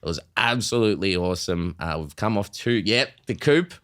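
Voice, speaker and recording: A man with an Australian accent and a slightly low-pitched voice, co-hosting a laid-back chat. He tells long, meandering stories full of uhs and ums. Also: animated, a little fast, a bit bright. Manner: rambling storytelling with fillers. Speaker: podcast co-host. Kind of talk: casual sports chat.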